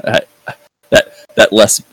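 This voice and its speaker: A man's voice: slow, a bit bright, no room sound, rough recording. A man hosting a podcast in casual review chat, rambling with lots of fillers and free swearing. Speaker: podcast host.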